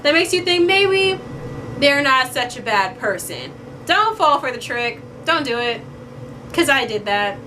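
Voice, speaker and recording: Young woman, high-pitched, vlogger, chatty and playful, faint background hiss. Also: big pitch swings, unhurried, bright, forceful tone. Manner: chatty, playful, acts out quoted lines. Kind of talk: casual chat to camera.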